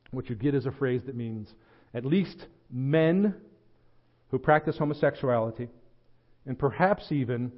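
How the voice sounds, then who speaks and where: A man's voice: medium pitch, highs cut off. Earnest Southern man preaching a sermon. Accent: Southern American. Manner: earnest, builds to emphatic, repeats words when stressing a point. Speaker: pastor.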